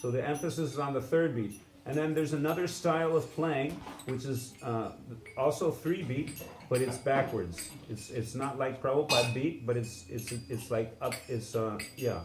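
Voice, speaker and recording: Man teaching in an echoey room. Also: medium pitch. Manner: halting, many restarts, sings syllables to demonstrate. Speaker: music teacher. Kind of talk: live instrument lesson. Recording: echoey room with background noise.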